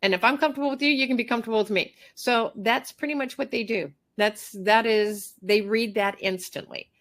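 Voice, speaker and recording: A middle-aged master groomer woman giving a workshop talk, animated, repeating phrases and acting out little dialogues. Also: a little high, brisk.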